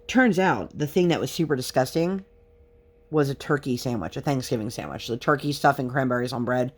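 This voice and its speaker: A woman's voice: rumbling low, brisk, breathy edge. A woman vlogger telling a long frustrated story in a chatty, casual way while she works on a craft. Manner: chatty, exasperated storytelling with many fillers.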